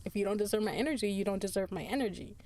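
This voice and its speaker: A woman's voice: mid-range voice, racing, mellow, no room sound. A woman hosting her own podcast in casual solo chat, tired, chatty and laughing often, drifting into asides. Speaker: podcast host.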